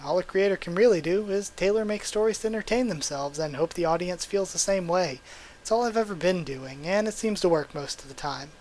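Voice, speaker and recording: Young male reaction host, slightly high voice, reads aloud with eager outbursts. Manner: reads aloud, breaks in with excited exclamations. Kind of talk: live reading and reaction.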